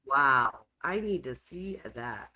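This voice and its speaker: A woman's voice: fairly low pitch, sing-song, normal speed, slightly rough, dull audio. A woman hosting a true crime livestream, chatting casually and reacting with exclamations. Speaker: true crime show host.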